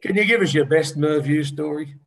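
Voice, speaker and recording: A man hosting a casual chat, asking questions in a quick, friendly way. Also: a little high, creaky. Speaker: host.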